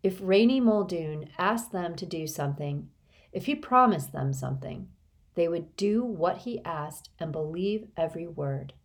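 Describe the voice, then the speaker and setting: Woman reading a middle-grade novel aloud, expressive, slightly low register. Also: unhurried. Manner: expressive storytelling. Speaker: audiobook narrator. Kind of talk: scripted narration.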